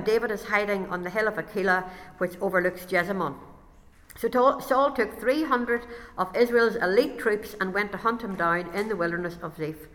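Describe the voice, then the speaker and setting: A woman's voice: mid-range voice, fairly bright tone. Woman preaching, reads scripture out big and dramatic, long echo tail. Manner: reads scripture with raised, dramatic delivery of quoted lines. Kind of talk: sermon with scripture reading. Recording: long hall reverb.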